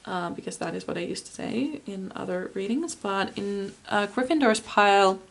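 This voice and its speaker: A woman giving a spoken tarot reading, soft and earnest, with many fillers. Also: mid-range voice, lively intonation, normal speed, creaky. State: tearful, emotional. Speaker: tarot reader.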